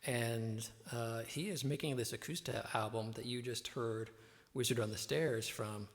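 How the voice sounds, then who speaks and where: A man's voice: medium pitch, fairly even intonation, measured pace. A man hosting a live-stream show, rambling as he talks, with many fillers. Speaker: host and musician. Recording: reverb-heavy echoey audio.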